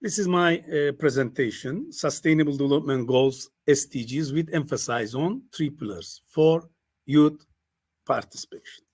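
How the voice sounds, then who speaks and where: An older Turkish-speaking man gives an academic presentation in English, halting often and repeating phrases, with fillers. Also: on the high side, a little mellow, husky. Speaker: university lecturer.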